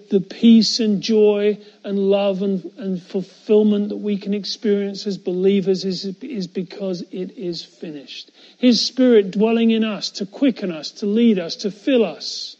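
A man preaching a sermon in an earnest way, building to emphatic repetition and dropping to a hush on key phrases. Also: high voice, highs cut off. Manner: drops to a hushed voice on key phrases.

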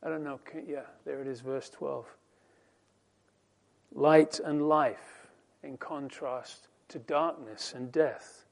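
In a mid-range voice with vocal fry and a steady tone, a man preaches, quoting scripture slowly and deliberately. His lines swing from soft and dropped to loud, emphatic, and rising.

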